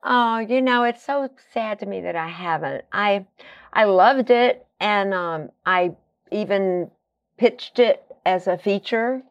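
A woman's voice: medium pitch, slow, dry recording, lo-fi sound. A woman guest telling long, rambling stories in casual conversation, full of fillers and tangents. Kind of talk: conversational storytelling.

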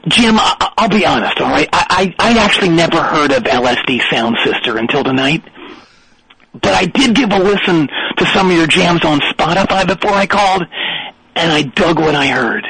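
A cocky, crude thirteen-year-old drummer boy, played by a man on a comedy call-in show. High, bouncy voice swinging all over the place, with a bright, cutting edge. Boastful and prone to sudden shrieking outbursts. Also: animated, normal speed, creaky, breathy edge, full character voice, rough recording. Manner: boastful, bursts into shrill yelling. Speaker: caller. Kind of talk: comedy phone call bit.

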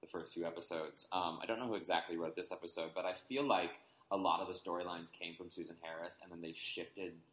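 A man with a very low voice talks casually, explaining details at length with plenty of fillers. The sound is roomy and echoey, with a faint hiss underneath. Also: steady tone, fairly quick, few pauses, fairly bright tone. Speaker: podcast co-host. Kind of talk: casual chat. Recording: echoey room with faint noise.

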